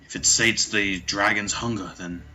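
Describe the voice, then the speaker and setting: A man voicing a stern male town lord in a tabletop game, speaking in slow, formal, old-fashioned phrases. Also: on the low side, steady tone, pushed and bright, soft background music, rough recording. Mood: grave.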